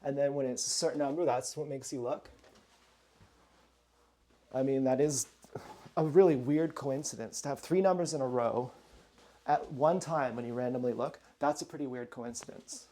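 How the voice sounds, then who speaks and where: A man's voice: mid-range voice, moderate pace, pauses often, warm tone. A man rambling in a casual, profane monologue from home, drifting between topics and muttering asides. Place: at home indoors.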